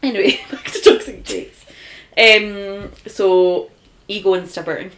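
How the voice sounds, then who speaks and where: A woman's voice: mid-range voice, a little slow, fairly bright tone. A young Scottish woman in casual podcast chat, sweary and laughing often. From Scotland. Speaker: podcast co-host.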